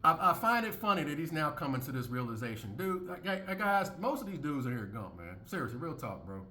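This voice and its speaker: A man giving casual reaction commentary on a video, blunt and repetitive, often jumping into high mocking tones. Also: big pitch swings, fairly quick, sharp tone. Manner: blunt, repeats phrases, swings into high mocking voices.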